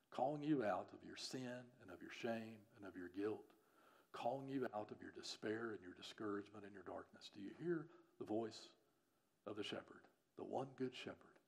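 A man's voice: lowish voice, creaky. Earnest pleading male pastor. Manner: earnest, pleading, rises to loud emphatic peaks. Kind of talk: sermon and closing prayer. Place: church.

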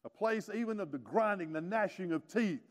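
A high-pitched man in his sixties preaches a sermon in a church sanctuary, with a long reverb trailing his words. He swings from hushed, quiet lines to loud, emphatic peaks and drops in folksy, joking asides. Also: lively intonation, brisk. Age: 60s. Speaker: pastor.

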